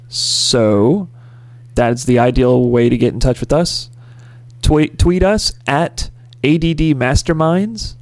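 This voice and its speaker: A man's voice: mid-range voice, gravelly, a little mellow, no echo. A man co-hosting a podcast in casual chat, rambling and joking goofily. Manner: rambling, goofy, jokey. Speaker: podcast co-host.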